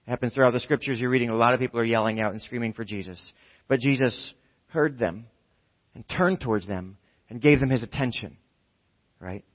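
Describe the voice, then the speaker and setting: A man preaching a conversational sermon, talking casually, often asking "right?" and swinging from hushed tones to near shouting. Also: mid-range voice. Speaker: pastor. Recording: dull lo-fi sound.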